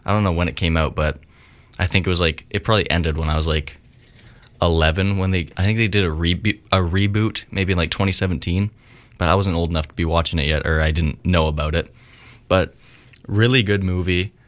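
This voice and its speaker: A man's voice: deep voice, fairly even intonation, brisk. A young man hosting a radio show, chatting casually and rambling between songs, with a slightly slurred way of talking. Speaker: radio host.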